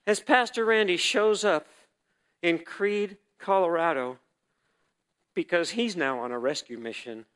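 A man with a high-pitched, clean-toned voice shares a sermon testimony at a measured pace. Acting out the story's dialogue for the congregation, he shifts between soft reflection and loud, emphatic bursts.

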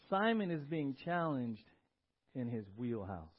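A male pastor preaches with a high voice and big, swinging intonation. He is emphatic and asks the congregation questions. The church recording is dull and lo-fi. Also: sing-song, normal speed. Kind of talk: sermon.

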